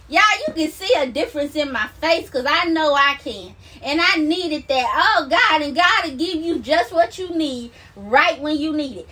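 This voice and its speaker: In a high, sharp voice caught on a distant phone mic, a woman who calls herself a minister paces while sharing a testimony with viewers. The delivery is fervent and repetitive, punctuated by exclamations and laughter.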